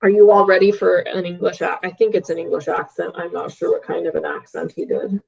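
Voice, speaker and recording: A woman's voice: on the low side, flat delivery, a little fast, vocal fry, a little mellow, breathy edge. Woman math teacher, live online class, upbeat, keeps saying okay, muffled lo-fi computer mic. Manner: upbeat, checks in often with "okay?". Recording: dull lo-fi stream audio.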